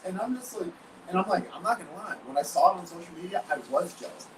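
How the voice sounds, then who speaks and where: A man's voice: high-pitched, lively intonation, quick pace, a crowd in the background. A man in a candid podcast conversation, blunt and swearing freely, acting out his own inner voice. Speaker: guest. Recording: roomy, distant mic with background noise.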